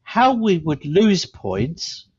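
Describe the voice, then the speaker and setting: A man co-hosting a podcast, telling rambling stories in a casual chat that grow animated. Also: fairly high pitch, drawn-out words, breathy edge. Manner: rambling storyteller, animated when telling a story. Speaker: podcast co-host. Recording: slightly dull lo-fi sound.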